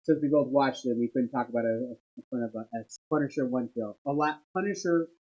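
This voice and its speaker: Husky, excitable podcast co-host. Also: male voice, mid-range voice, brisk, lo-fi sound. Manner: excitable, animated storytelling. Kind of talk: casual podcast chat.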